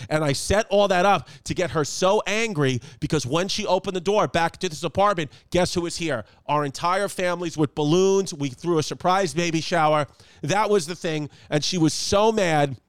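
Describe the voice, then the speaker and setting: A man's voice: on the high side, moderate pace, clean tone, no echo. A man in his thirties hosting a casual podcast from home, rambling and joking with plenty of swearing. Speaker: podcast host and comedian. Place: home apartment.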